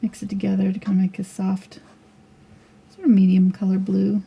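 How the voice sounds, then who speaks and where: A woman's voice: medium pitch, monotone, moderate pace, gravelly, slightly rough, highs cut off. A middle-aged woman teaching a live painting tutorial, chatting and thinking aloud as she works. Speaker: painting instructor.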